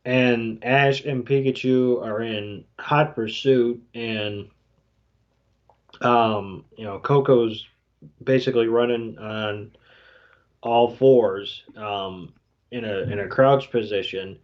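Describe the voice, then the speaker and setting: A man co-hosting a podcast, recapping a scene in a halting way with many fillers. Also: medium pitch, fairly even intonation. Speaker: podcast co-host. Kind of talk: casual recap commentary. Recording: dull lo-fi podcast audio.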